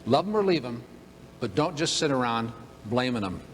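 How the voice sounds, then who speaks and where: An older man giving a motivational talk, telling a humorous story in an animated way to a room of listeners. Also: medium pitch, normal speed, slight background noise. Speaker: motivational speaker. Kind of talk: storytelling keynote speech. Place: event room with audience. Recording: long hall reverb.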